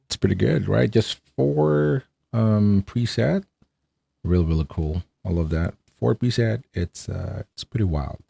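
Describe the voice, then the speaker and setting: A man's voice: on the low side, measured pace, vocal fry, dark tone, slightly rough, no room sound. A man casually reviewing an audio mixer, chatty and upbeat, often checking in with "right?". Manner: chatty, enthusiastic, fillers and rhetorical "right?". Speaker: tech reviewer.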